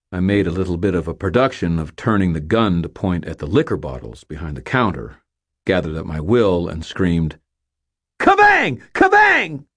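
A man's voice: sits low, a little mellow, slightly rough. A man narrating a first-person story in audiobook style, with dry, wry humor.

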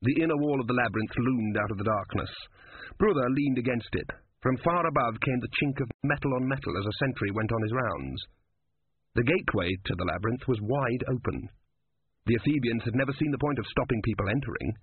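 A man narrating a story in a measured, even storytelling voice, recorded with a dry, phone-like sound. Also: mid-range voice, slightly rough, dry recording. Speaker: audiobook narrator. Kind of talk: scripted narration.

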